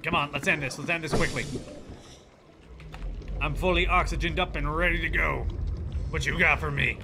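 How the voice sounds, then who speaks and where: A man commenting on his own horror game playthrough, excitable, yelling and cursing at enemies, with game music behind him. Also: on the high side, normal speed, gravelly, noisy background. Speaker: gaming channel host. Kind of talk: let's play commentary.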